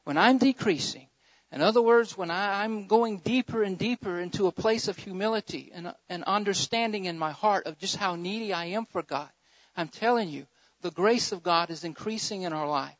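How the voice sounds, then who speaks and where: A pastor preaching a sermon, swinging between loud fervent surges and quieter emphatic stretches, repeating key phrases for emphasis. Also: male voice, high voice, normal speed, no echo. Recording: dull lo-fi sermon recording.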